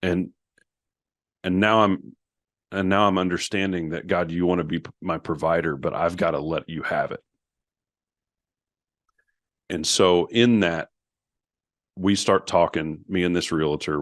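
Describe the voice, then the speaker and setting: A deep-voiced man speaks as a podcast guest. He tells a personal story earnestly, restarting phrases and acting out the dialogue. The recording is dry, with no room echo. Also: fairly even intonation, moderate pace. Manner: earnest, emotional retelling with many restarts and quoted dialogue.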